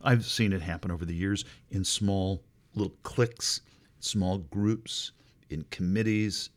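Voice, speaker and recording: A middle-aged male pastor preaching a sermon, expressive and wry, with sudden jumps in pitch for emphasis. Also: unhurried.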